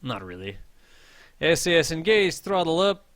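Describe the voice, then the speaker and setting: A man's voice: a little high, normal speed, dry recording. A young man with a general American accent, casually commenting on a space game he plays live and chatting with viewers between tasks. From American Southwest. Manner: relaxed, rambling, chats with viewers between tasks. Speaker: game streamer teaching spaceflight. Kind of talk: casual live-stream commentary while playing. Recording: loud music behind the voice.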